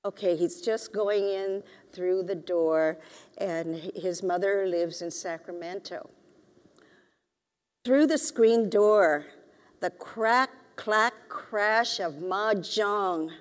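Slow-spoken woman author in a hall. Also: medium pitch. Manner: hesitant, many fillers. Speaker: author giving a lecture. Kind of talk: lecture with a reading from her novel. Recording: reverberant lecture hall.

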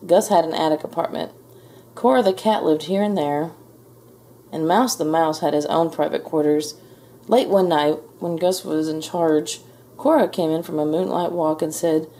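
A woman reading a children's storybook aloud at a slow, expressive pace. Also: low voice, a little hiss or hum. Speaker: storybook reader.

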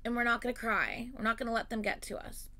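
Woman reactor, casual commentary, effusive exclaiming, slightly high voice with a forceful edge. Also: quick pace. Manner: effusive, exclaiming, swings from gushing to murmuring. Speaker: music video reactor.

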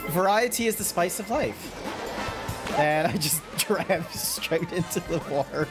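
A man's voice: fairly high pitch, lively intonation, measured pace, over music. A man streaming a kart racing game, chatting casually and playfully with friends. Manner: playful, giggly, swears casually. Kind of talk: casual chat while gaming.

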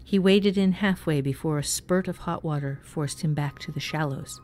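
A woman narrating a dark fantasy story in a measured, even way. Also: deep voice, slight background noise. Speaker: story reader. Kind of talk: scripted narration.

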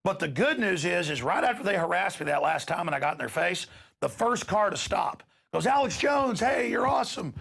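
A man's voice: a little high, lively intonation, brisk, vocal fry, fairly bright tone, husky. A man hosting a talk show, giving an impassioned, ranting monologue and acting out quoted exchanges.

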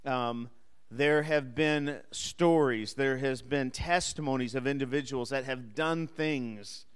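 A man's voice: medium pitch, slow pace, clear, resonant tone, big-room sound. A man teaching an adult Sunday school class, speaking conversationally, asking the class questions and joking lightly with them. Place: church classroom or hall.

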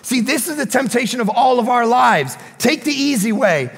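A man preaching a sermon as pastor, telling a story with animated energy and sudden shouted bursts. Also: very high voice, normal speed, vocal fry, husky, in a large hall. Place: church sanctuary.

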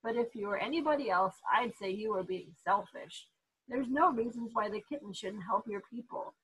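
A woman's voice: medium pitch, moderate pace, slightly rough, poor audio. A woman voicing a young boy who talks frankly and impatiently. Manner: frank, scolding. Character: blunt, impatient foreign boy.

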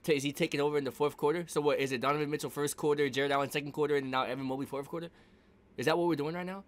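A young man giving casual, joking reaction commentary over game highlights, talking back at the screen in slang. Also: steady tone, racing. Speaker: reaction streamer.

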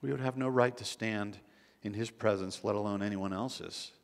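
Low-voiced pastor preaching in a reverberant hall. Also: male voice, normal speed, gravelly. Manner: conversational preaching with frequent restarts and acted quotes. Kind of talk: sermon. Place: church sanctuary. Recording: long church hall reverb.

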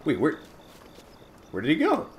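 A man hosting a let's-play, giving excitable, casual commentary, swearing at and taunting enemies. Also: fairly high pitch, unhurried, a little hiss or hum. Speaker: gaming channel host.

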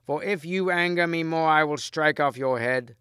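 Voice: mid-range voice, normal speed, a bit bright, clear, resonant tone, dry recording, clean studio sound, voice pushed up, close to an everyday voice. A man voicing a treacherous usurper knight, arrogant and defiant, drawing out his scornful words. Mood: threatening.

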